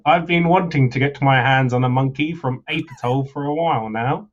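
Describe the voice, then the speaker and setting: A man's voice: mid-range voice, moderate pace, dull audio, natural voice. A man voicing a scheming, sly male scimitar merchant, reading game dialogue aloud with hammy sales patter on a livestream.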